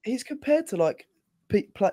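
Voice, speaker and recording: Excitable young man, dry close mic. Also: sits high, dry recording. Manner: excitable, swears casually, quick laughs. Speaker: podcast co-host. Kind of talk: casual football chat.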